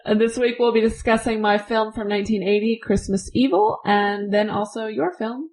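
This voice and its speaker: A woman co-hosting a casual film podcast, chatty and quick to laugh. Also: on the high side, steady tone, a little mellow, poor audio. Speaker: podcast co-host. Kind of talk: casual chat.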